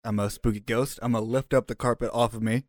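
A man's voice: medium pitch, fairly even intonation, quick pace, dry recording. A man playing a tabletop game, loose and rambling, laughing and swearing. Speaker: player. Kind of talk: casual tabletop play.

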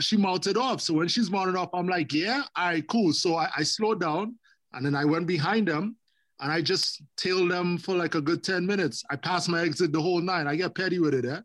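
Relaxed slangy man, dry sound. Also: fairly high pitch, no room sound. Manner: relaxed, slangy, swears often. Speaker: podcast co-host. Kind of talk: casual chat.

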